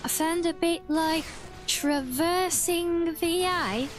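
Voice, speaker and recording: A woman's voice: very high voice, takes it slowly, soft background music. A young woman streaming a video game and chatting casually, giggling often and restarting her sentences. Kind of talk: casual livestream chat while gaming.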